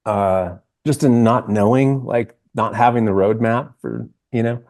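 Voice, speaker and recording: Man, about 50, podcast guest; earnest and halting, warm low voice, dry. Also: fairly even intonation, dry recording. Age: around 50. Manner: earnest, halting, with many restarts and "like". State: emotional, near tears. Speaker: podcast guest, singer-songwriter. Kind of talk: reflective interview conversation.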